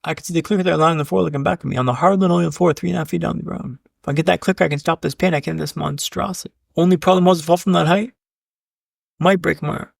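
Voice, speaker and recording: A man's voice: fairly high pitch, fairly even intonation, rapid-fire, gravelly, no room sound, studio quality. A man, a keynote speaker and podcast guest, telling a story with punchy repeated beats, often addressing the host by name and swearing casually. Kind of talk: dramatic storytelling.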